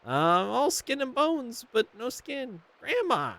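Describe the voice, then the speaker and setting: A man's voice: very high voice, sing-song, slow, vocal fry, pushed and bright, dry recording, pitched above the performer's own voice, heavily acted. A man reading a game's dialogue aloud, voicing a cheerful, goofy clown skeleton in a raised voice.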